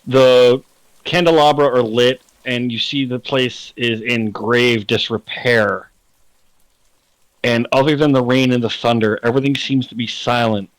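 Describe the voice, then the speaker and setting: A man narrates a tabletop game as game master, laying out each scene slowly and deliberately. His voice sits in a middle register and sounds close and dry on a home microphone. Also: medium pitch, fairly even intonation, smooth, no room sound, low-quality recording. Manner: slow, deliberate descriptive narration.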